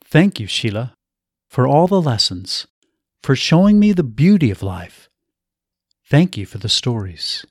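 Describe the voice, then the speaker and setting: A man's voice: mid-range voice, very animated, measured pace, long pauses, no echo, clean studio sound. A man reading the part of a young woman facing terminal illness, tender and brave.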